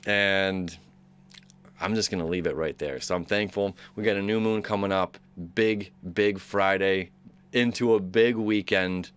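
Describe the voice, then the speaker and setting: A man's voice: deep voice, steady tone, unhurried, a bit bright, clear, resonant tone. A man hosting a daily astrology talk, rambling and enthusiastic with lots of fillers and restarts. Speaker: astrology channel host. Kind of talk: casual daily horoscope talk.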